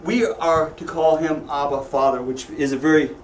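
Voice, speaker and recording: Heard from across an echoey church classroom, this Sunday school teacher jokes and asks his students questions as he teaches the Bible. His male voice is a little high, steady in tone, and moderately paced, with slight background noise.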